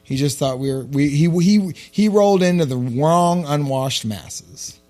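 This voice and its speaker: A man, co-hosting a podcast and telling a story in casual chat. He swears freely and gets loud and animated. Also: a little high, unhurried, soft background music. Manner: profane, animated storyteller who shouts when quoting himself. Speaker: podcast co-host.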